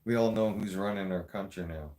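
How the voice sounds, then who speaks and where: Deep and dark in tone, this man's voice moves fairly quickly as he rants to camera. He's a vlogger from the Greater Toronto Area with a Toronto Canadian accent, and his monologue is blunt, profane and sarcastic.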